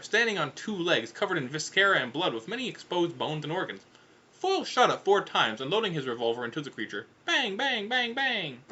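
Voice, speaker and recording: A man's voice: fairly high pitch, bright, forceful tone, highs cut off, slight background noise. A man narrating a comedic audiobook in a casual, offhand way with irreverent asides.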